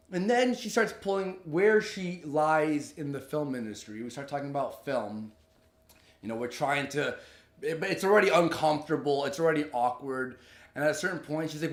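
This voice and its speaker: A man's voice: on the high side, moderate pace, roomy sound. A young man vlogging a heated, profane storytime, acting out the people he quotes. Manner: heated, profane, animated retelling with quoted dialogue. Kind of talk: ranting storytime.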